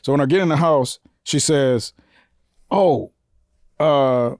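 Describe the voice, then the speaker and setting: Animated storyteller. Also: male voice, on the high side, normal speed, no echo, studio quality. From Detroit. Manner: animated, profane, acts out the voices in his stories. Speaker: comedian guest. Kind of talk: storytelling on a podcast.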